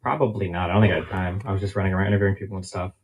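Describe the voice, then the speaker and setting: A man's voice: deep voice, little pitch movement, racing. A man as an interview guest, telling stories casually with swearing. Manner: casual, profane storytelling.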